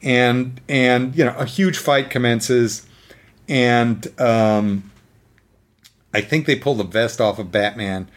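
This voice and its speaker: A man telling a story in casual chat, animated, using many fillers and acting out the scenes. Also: medium pitch, slow pace.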